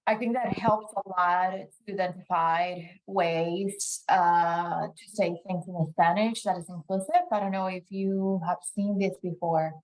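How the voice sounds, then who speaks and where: A woman presenting in a casual webinar discussion over a video call, speaking thoughtfully with frequent pauses and fillers. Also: on the low side, steady tone, darkish tone, poor audio.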